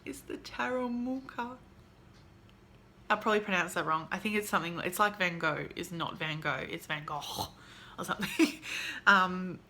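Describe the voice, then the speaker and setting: Woman vlogger, bright and excitable, chatty haul video, a faint hiss under her voice. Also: on the low side. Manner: gushing, excitable, chatty with many fillers. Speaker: vlogger showing a tarot deck haul. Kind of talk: casual chat.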